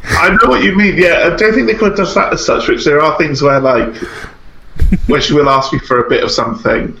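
A man's voice: a little high, fairly quick, vocal fry, noisy background. A man with a slightly blocked-up, nasal voice chatting easily on a podcast. His mic picks up a noticeable room echo. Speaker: podcast co-host. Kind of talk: casual chat. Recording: echoey room.

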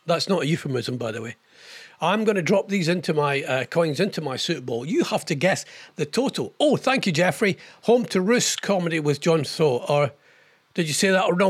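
An older man hosts a live online show in a loose, rambling chat. His voice sits a little high for a man, and he slips readily into quick impressions. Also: a bit bright. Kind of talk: casual live-stream chat reading viewer comments.

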